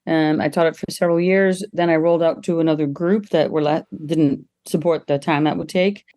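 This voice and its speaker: A middle-aged woman, a guest on an interview podcast, telling lively stories and laughing often as she talks. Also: a little fast. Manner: lively, acts out quoted people with jumps in pitch. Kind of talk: casual interview storytelling.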